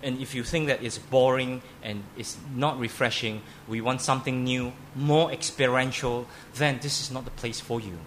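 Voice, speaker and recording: A man's voice: medium pitch, fairly even intonation, moderate pace, few pauses, a bit bright, a little hiss or hum. A man preaching a sermon as pastor in a church, emphatic, often repeating and restarting words.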